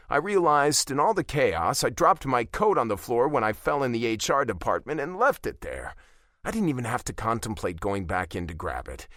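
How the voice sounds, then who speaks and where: A man reads a romance novel aloud in first person, with expressive, self-deprecating storytelling. His pitch moves a lot across phrases while the voice stays mid-range. The recording is dry and close. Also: no room sound. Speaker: audiobook narrator.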